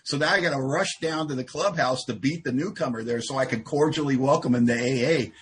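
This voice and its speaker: A man's voice: medium pitch, a little fast, slightly rough. A man speaking at a support group meeting, telling a personal story with self-deprecating, wry humor. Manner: self-deprecating, wry, acts out quoted exchanges.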